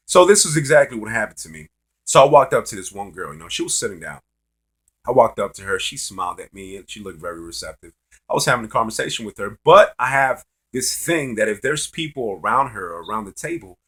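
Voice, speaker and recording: A man's voice: mid-range voice, bright, forceful tone, husky. A man vlogging dating advice as a loose, profane, rambling story told in casual talk.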